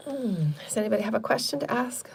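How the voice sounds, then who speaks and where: A woman's voice: on the high side, lively intonation, fast talker, gravelly, slight background noise. A woman hosting a live channeled spiritual talk, speaking in repetitive, chant-like affirmations and loose, chatty asides. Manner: chatty and loose, with frequent fillers.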